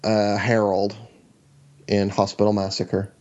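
A man co-hosting a casual podcast chat, relaxed, often saying "you know" and "like". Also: fairly low pitch, slow, lo-fi sound. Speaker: podcast co-host.

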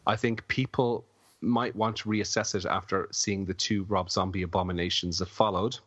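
A man's voice: sits low, fairly even intonation, moderate pace, fairly bright tone, no room sound. A man on a casual podcast, a little drunk and slurring, rambling through film trivia with many fillers. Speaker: podcast co-host. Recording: dull lo-fi dry sound.

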